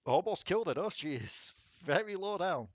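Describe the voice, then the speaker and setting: A man's voice: high-pitched, lively intonation, dry recording, lo-fi sound. A man running a tabletop game as game master, narrating and rolling dice with a chatty, laughing manner. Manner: chatty, laughs often, quick bursts of rules talk.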